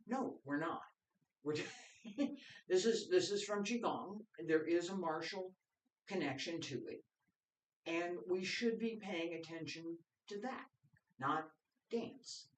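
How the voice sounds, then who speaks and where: Slow, calm man teaching qigong. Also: on the high side, distant mic. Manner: slow, calm counting of breaths. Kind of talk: guided practice and explanation. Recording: echoey room, voice from off-mic.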